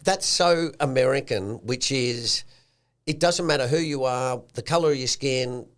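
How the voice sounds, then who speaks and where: Animated Australian man chatting. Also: mid-range voice, a little slow. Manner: animated, acts out quotes with a slangy tone. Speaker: podcast host. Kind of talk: casual chat.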